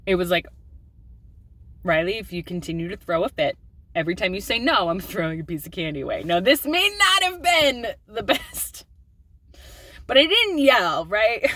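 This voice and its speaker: A woman's voice: lowish voice, fairly bright tone, no echo. A woman in her thirties talking candidly in a personal vlog, open and confessional with filler ums. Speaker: mom vlogger.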